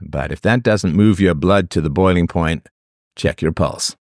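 A man's voice: deep voice, unhurried, no echo, studio quality. A man hosting a livestream, delivering an opinionated monologue to his chat in a sarcastic, mocking way. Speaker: livestream host.

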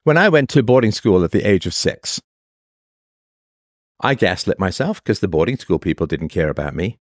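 A man's voice: low-pitched, lively intonation, moderate pace, no echo, studio quality. A man hosting an advice conversation, pressing a caller with probing questions and acting out quoted voices. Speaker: host.

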